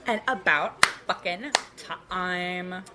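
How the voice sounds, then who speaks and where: A woman's voice: fairly low pitch, drawn-out words, very noisy. A woman co-hosting a comedy show, brash and profane in scripted banter. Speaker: podcast co-host.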